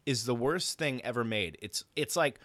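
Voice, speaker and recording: A man telling a profane, animated travel story in a casual chat. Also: medium pitch, moderate pace, dry recording.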